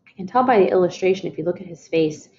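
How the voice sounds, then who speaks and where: A woman reading a picture book aloud to children, expressive, calling her listeners "friends" and asking them questions. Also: on the low side, rapid-fire, highs cut off. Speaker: storytime reader.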